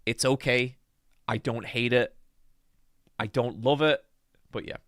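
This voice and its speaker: A man's voice: mid-range voice, fairly even intonation, unhurried, fairly bright tone, no echo, studio quality. A young Irish man with a slightly American-tinged accent, chatting casually on a live stream, rambling with ums and restarts. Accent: Irish with American influence. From Ireland. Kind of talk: casual live-stream chat reading comments.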